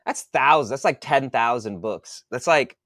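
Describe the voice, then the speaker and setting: A man who writes books, talking casually in a podcast monologue, swearing a lot and working out sums out loud. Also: medium pitch, animated, normal speed, dry recording, clean studio sound. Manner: profane, thinks aloud while doing math. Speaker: author.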